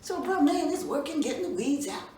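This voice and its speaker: A woman tells a folk tale for children in an expressive, folksy, brisk manner, her fairly high voice rising and falling widely. She sounds distant from the mic in a roomy space with faint background noise.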